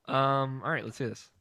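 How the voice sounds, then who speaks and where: A man's voice: mid-range voice, gravelly, a bit bright. A young man hosting a podcast in casual, rambling chat, laughing often. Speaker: podcast host.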